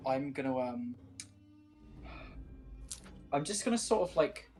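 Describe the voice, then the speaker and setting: Casual halting male player. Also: medium pitch, big pitch swings, darkish tone, faint music behind. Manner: casual, halting, lots of likes. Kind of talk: casual tabletop play.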